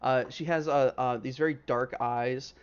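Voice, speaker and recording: A man's voice: medium pitch, steady tone, normal speed, smooth. Man, game master, tabletop narration, rambling, casual, filler-heavy, muffled mic.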